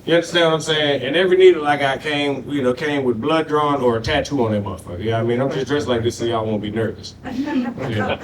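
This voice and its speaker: A man's voice: animated, quick pace, a crowd in the background. A man doing a live stand-up comedy set on stage. He talks crudely and loosely, full of profanity, and keeps tossing in "you know what I mean.". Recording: distant mic in a noisy rumbling room.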